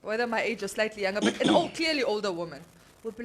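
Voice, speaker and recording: A woman with a Namibian English accent co-hosting a casual radio show, animated and laughing often as she mixes in Afrikaans. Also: on the high side, quick pace, slight background noise.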